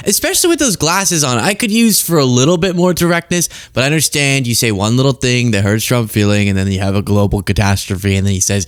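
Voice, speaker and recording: A man hosting a political commentary show, talking casually and sarcastically, sometimes jumping into high mocking voices. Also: big pitch swings, brisk, no room sound, studio quality.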